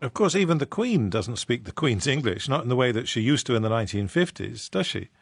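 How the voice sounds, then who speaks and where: A man interviewing a guest on radio, asking brisk, leading questions. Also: medium pitch, big pitch swings, vocal fry, slightly rough, no room sound.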